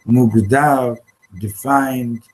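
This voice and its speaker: A man leading an informal Torah class, halting and restarting often, slipping Hebrew terms into his English. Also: medium pitch, fairly even intonation, a little mellow, rough recording. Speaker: Torah teacher. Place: study hall classroom.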